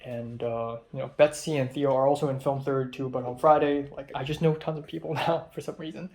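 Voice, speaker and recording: A man's voice: medium pitch, fairly even intonation, brisk, a little mellow. A young man and native Cantonese speaker casually telling a rambling story as a vlogger, with frequent ums and restarts. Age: young adult.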